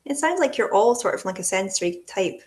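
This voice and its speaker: A woman's voice: medium pitch, expressive, fairly quick, darkish tone. A woman host asking questions in a loose, casual way, full of fillers. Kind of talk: casual chat.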